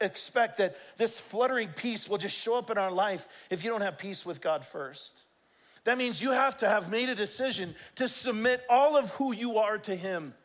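A man preaching to his congregation, his voice sitting fairly high. He drives his points home with emphatic, punchy delivery and now and then raises it to a shout. It has the sound of a church sermon. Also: low-quality recording. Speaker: pastor.

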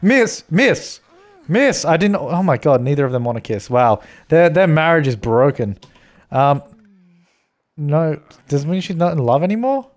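A man's voice: on the high side, animated, normal speed, a little mellow. A man giving casual, chatty commentary over a life-simulation game, laughing often and telling his characters what to do. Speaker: let's play host.

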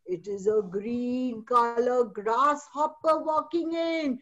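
A woman's voice: on the high side, takes it slowly, fairly bright tone, lo-fi sound. A woman, a kindergarten teacher hosting an online fancy dress show, encouraging and storytelling with drama.

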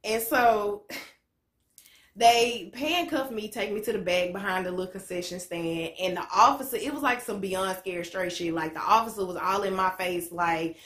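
A woman in her late twenties talks straight to camera, blunt and unfiltered, salting her story with slang and curses. Her voice sits at a middle pitch. The room around her rings with echo. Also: measured pace, a bit bright. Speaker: motivational vlogger. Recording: echoey room.

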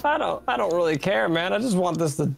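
A man's voice: high-pitched, animated, fast, gravelly, faint music behind. A man playing an online card game with friends, laid-back and teasing. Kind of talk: casual gaming banter.

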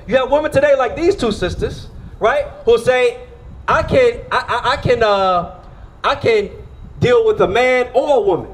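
A man's voice: very high-pitched, lively intonation, normal speed. A man preaching outdoors on a street, firing rhetorical questions at the crowd and pulling them into call-and-response.

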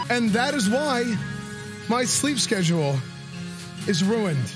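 A high-pitched man hosting a stream recap with an excitable, dramatic delivery. His stories land in short, punchy bursts at a desk mic. Music plays clearly underneath. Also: unhurried, long pauses. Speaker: streamer host. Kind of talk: animated recap storytelling.

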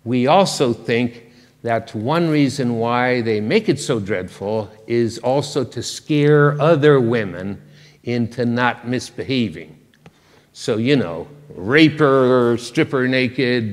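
An older man, a guest lecturer, gives a public talk in a large lecture hall, speaking slowly at a medium pitch. He's wry and conversational, with self-deprecating humor, and the hall's reverb is audible in the recording.

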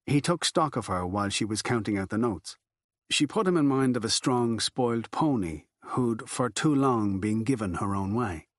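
A man narrating a literary novel in a steady, measured audiobook reading. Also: medium pitch, no echo, clean studio sound. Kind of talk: scripted narration.

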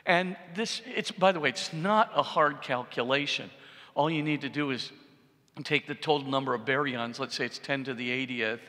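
A middle-aged man, a priest, giving an animated public lecture and often checking with the audience. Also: mid-range voice, normal speed. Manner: animated, repeats for emphasis, asks the audience "right?". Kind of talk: public lecture on science and faith. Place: large church. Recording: long reverb in a church hall.

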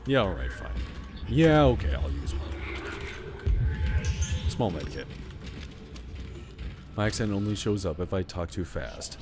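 Game music plays behind a man streaming a horror video game, joking and chatting as he plays and talks back to it. His low voice has a sing-song lilt, and he takes things slowly with frequent pauses.

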